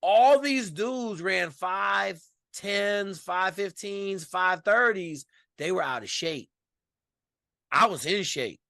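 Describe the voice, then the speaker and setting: A man from Washington state, a podcast guest telling a story in casual, animated, profane speech. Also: high-pitched, takes it slowly, gravelly, dry recording, clean studio sound.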